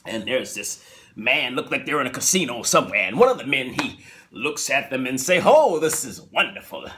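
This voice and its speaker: A man casually retelling a TV episode in a chatty, animated way, laughing often, recorded on a phone. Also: mid-range voice, a little fast.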